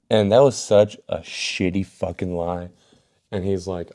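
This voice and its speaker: A man's voice: low-pitched, steady tone, a little slow, dark tone. A young man casually telling a story about himself, swearing a lot and poking fun at himself. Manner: casual, profane, self-mocking.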